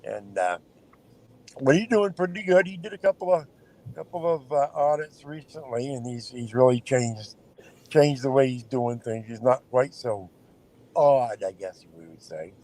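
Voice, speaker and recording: A man's voice: medium pitch, lively intonation, a little slow, mellow, low-quality recording. A man from Maine calling in as a guest on a live stream, chatting in a folksy way while driving. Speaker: guest caller. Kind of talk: casual chat. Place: in a car.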